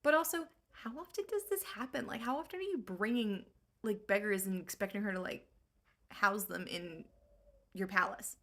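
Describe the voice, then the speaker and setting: A woman's voice: mid-range voice, moderate pace, fairly bright tone. Sarcastic slangy woman recapping a story. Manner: slangy, sarcastic, valley-girl. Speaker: host.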